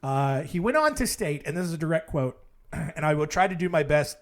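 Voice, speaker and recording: A man's voice: a little high, lively intonation, fairly quick. A man hosting a storytelling podcast, telling ghost stories in a wry, digressive way, full of fillers and asides. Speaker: podcast host.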